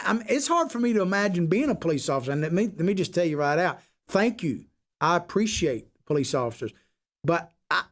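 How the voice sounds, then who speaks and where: A man's voice: high voice, fairly bright tone. A man talks straight to his audience on a solo political show. He is combative and opinionated. He leans on rhetorical questions to press his points. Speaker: political talk show host.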